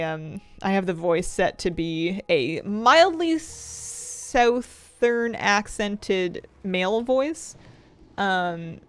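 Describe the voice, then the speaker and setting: A woman chatting casually while streaming a game, rambling through asides and laughing often, close to a desk microphone at home. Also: mid-range voice. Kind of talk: casual chat while gaming.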